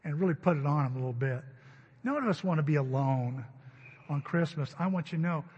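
Middle-aged man, pastor, sermon, storytelling, husky voice, reverberant church. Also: on the high side, lively intonation, brisk, darkish tone, highs cut off. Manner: storytelling, conversational preaching. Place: church sanctuary.

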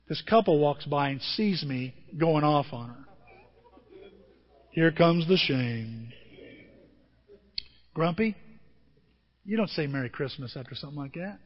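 High, husky-voiced man preaching. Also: lively intonation, takes it slowly, pauses often, big-room sound, muffled recording. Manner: storytelling with rhetorical questions. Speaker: pastor. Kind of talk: conversational sermon.

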